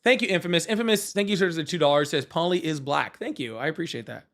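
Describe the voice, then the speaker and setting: A man's voice: a little high, quick pace, vocal fry, a bit bright. Profane, rambling young male livestream host. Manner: loose and profane, many fillers and restarts. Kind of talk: casual livestream debate with callers.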